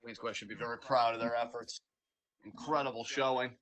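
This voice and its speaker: A man co-hosting a live wrestling watch-along, giving animated play-by-play and hyping the wrestlers on a home streaming mic. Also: medium pitch, brisk. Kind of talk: live reaction commentary.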